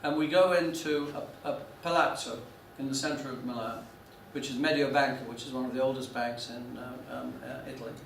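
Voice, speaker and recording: A man's voice: medium pitch, fairly even intonation, brisk, vocal fry, few pauses, slight background noise. A man lecturing a class, telling a business story with many restarts and fillers. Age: 40s. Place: lecture room. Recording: echoey room, mic from a distance.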